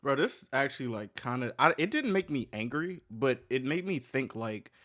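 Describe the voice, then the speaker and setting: A man's voice: mid-range voice, big pitch swings, moderate pace, fairly bright tone. A man giving loose, rambling reaction commentary with lots of restarts and casual swearing. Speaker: reaction streamer.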